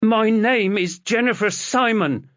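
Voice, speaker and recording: A man voicing a furious teenage girl in an audiobook, shouting and sobbing hysterically. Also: fairly high pitch, a little slow, no room sound, highs cut off, voice pushed up.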